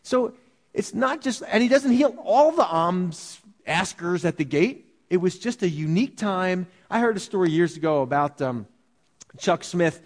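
A man's voice: sits high, lively intonation. Conversational male pastor teaching scripture. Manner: conversational, asks rhetorical questions, slows to read scripture. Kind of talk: verse-by-verse Bible teaching.

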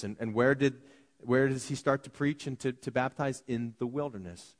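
A man preaching a sermon as pastor, conversational and excitable, swinging between loud bursts and quiet asides. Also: medium pitch, normal speed. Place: church sanctuary. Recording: long hall reverb.

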